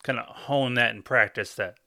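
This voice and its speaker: A man's voice: mid-range voice, moderate pace, creaky, sharp tone. A man hosting an interview, asking casual, conversational questions. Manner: conversational, prompting with short questions. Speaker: interview host.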